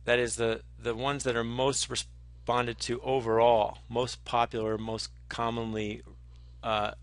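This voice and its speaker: A man giving a conversational lecture who explains ideas through animated storytelling, with frequent ums and restarts. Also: medium pitch, measured pace, clear, resonant tone, no room sound.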